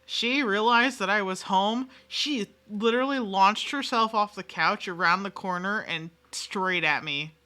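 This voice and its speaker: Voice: medium pitch, unhurried, hardly any pauses, bright, forceful tone. Giggly, swearing game streamer. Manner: giggly, rambling, swears freely, self-mocking. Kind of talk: casual live-stream chat with viewers.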